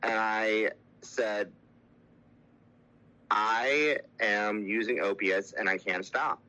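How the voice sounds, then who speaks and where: A young man telling his own story of addiction and recovery, candid and halting, with many fillers and restarts. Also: lowish voice, steady tone, pushed and bright, dull audio.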